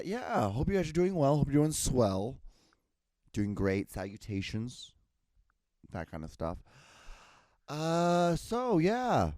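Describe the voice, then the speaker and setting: A man hosting his own show, chatting casually in a rambling, self-interrupting way, his voice hoarse and starting to give out. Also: lowish voice, dark tone, dry recording. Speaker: podcast host.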